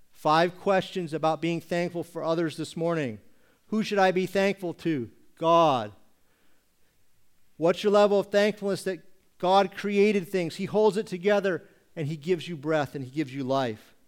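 Man, pastor, church sermon, rhetorical questions, clear resonant voice. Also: on the high side. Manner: preaching with rhetorical questions, slows for emphasis on scripture.

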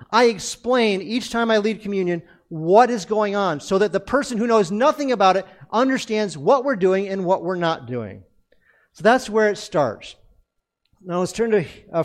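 A man preaching a sermon as pastor of a church, earnest and emphatic, building his points through repeated phrases. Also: sits high. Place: church sanctuary.

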